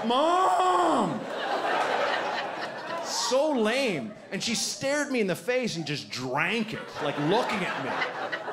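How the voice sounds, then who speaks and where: Animated male stand-up comedian on stage. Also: sits high, very noisy. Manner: animated storytelling, acting out other people's voices. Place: comedy stage before a live audience.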